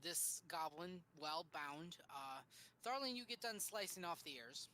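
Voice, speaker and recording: Low-voiced woman game master. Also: a little slow, a little hiss or hum. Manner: calm, dry narration with hesitant fillers. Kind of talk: narrating a tabletop game.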